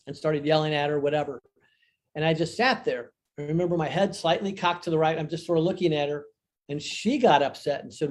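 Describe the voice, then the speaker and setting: Earnest older man, slightly high voice. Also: a little mellow. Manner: earnest, reflective, emphatic on key phrases. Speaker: guest, divorce author and coach. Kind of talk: conversational interview storytelling.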